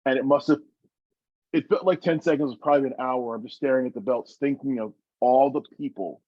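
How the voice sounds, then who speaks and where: A man's voice: medium pitch, no room sound, muffled recording. A man, a former wrestler, telling stories from his career in an interview, earnest and emotional with many restarts. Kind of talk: reflective interview storytelling.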